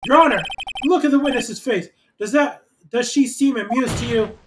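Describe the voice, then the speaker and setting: A woman's voice: a little high, moderate pace, recorded from a distance, noisy background, lightly acted. A woman voicing an earnest young male defense lawyer who presses a witness. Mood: pressing.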